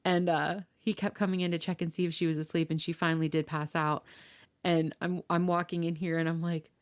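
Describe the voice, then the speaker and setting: A young woman with a fairly low voice chats on a podcast, laughing through her stories. She acts out the dialogue as she tells them, and her manner is casual and lively. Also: a little fast. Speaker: podcast co-host. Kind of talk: casual chat.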